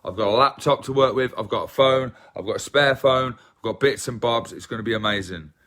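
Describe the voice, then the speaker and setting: A man's voice: mid-range voice, fairly quick, a bit bright. An English man with an English accent chatting casually with viewers on a livestream, self-deprecating and rambling. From England. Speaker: livestream host.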